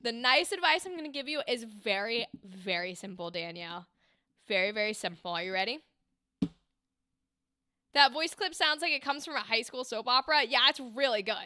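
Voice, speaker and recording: A woman's voice: a little high, lively intonation, normal speed, pushed and bright, no room sound. A woman hosting a livestream, giving bubbly, encouraging critiques of voice acting takes in a chatty way.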